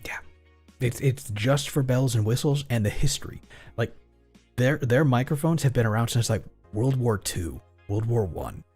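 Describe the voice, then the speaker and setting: A man's voice: mid-range voice, animated, normal speed, darkish tone, slightly rough, soft background music. A man streaming, chatting casually in a rambling, profane way. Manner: rambling, profane, acts out both sides of imagined exchanges.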